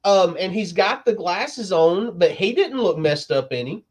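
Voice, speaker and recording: A laid-back man with a fairly high voice, telling stories in casual chat about comics. He talks easily and unhurried, recounting things step by step. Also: lively intonation. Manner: storytelling, laid-back with laughs. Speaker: podcast co-host.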